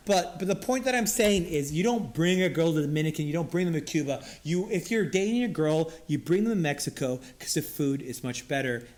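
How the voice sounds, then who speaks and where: A middle-aged man co-hosting a podcast, a little drunk, talking in an animated, repetitive way and swearing freely. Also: fairly high pitch. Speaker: podcast co-host. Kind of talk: casual chat, reading reviews aloud.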